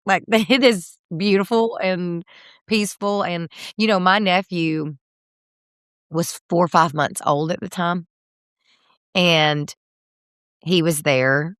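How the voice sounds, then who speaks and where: A woman in her thirties talks through a personal story in an interview, pausing on fillers and laughing softly. Her voice sits a little low. The sound is dry and close to the mic. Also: steady tone, clear, resonant tone, dry recording. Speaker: guest, country singer. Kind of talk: candid podcast interview.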